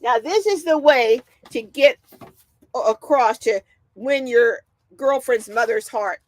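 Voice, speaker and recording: A woman's voice: fairly high pitch, slow, no echo. A middle-aged woman hosting a casual livestream, chatting and laughing as she reads out viewer comments. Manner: chatty, animated, laughs often. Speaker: livestream host reading chat.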